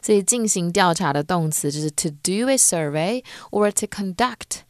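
A woman's voice: fairly low pitch, expressive, moderate pace, no room sound. Woman from Taiwan co-hosting a bilingual lesson, explanatory, dry close sound. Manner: clear explanatory, laughs often. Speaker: co-host teacher.

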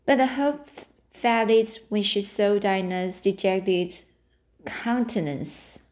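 A woman reads a novel aloud at an unhurried, careful pace. She halts often, repeating and restarting words she trips over. Her pitch sits in an ordinary middle range. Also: darkish tone. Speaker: reader.

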